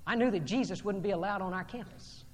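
A male preacher delivering a sermon, swinging from loud, declaiming passages to low, intense murmurs. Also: fast. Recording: long hall reverb.

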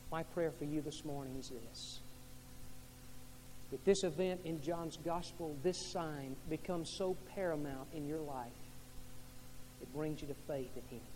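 High-pitched preacher guy telling the story big, drops low then goes loud, faint hum in the room. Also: a little slow. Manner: dramatic storytelling, swinging from hushed to loud. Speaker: pastor. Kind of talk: sermon. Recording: echoey hall with faint hum.

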